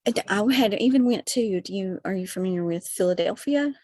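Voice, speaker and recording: A woman's voice: medium pitch, a little fast, warm tone, dry recording. A woman from Kentucky with a Kentucky accent, a podcast guest chatting casually, full of "you know" and "like". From Kentucky, USA. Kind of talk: casual conversation.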